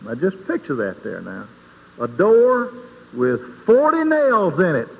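Animated folksy preacher man, hall reverb. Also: unhurried, creaky, husky. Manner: folksy, conversational preaching, asks the audience questions; swings between quiet asides and loud, high emphasis. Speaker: speaker giving a Christian testimony. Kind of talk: informal sermon. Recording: long hall reverb, faint background noise.

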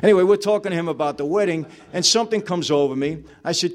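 In a high voice and at a fast pace, a New Yorker recounts his personal testimony before a live audience, storytelling conversationally, performing pieces of dialogue, and peppering it with "you know."

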